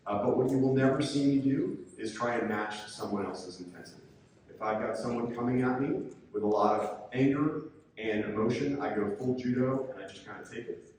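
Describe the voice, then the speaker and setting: A man giving a calm, coaching conference presentation, sometimes acting out angry coaches. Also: medium pitch, brisk. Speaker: presenter, sports official. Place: conference room. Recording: echoey hall from far off, faint noise.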